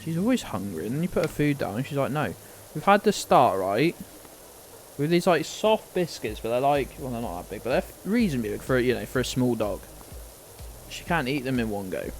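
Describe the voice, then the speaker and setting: A British man chatting casually on a live game stream, rambling, laughing often and talking to his dog. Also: mid-range voice. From United Kingdom.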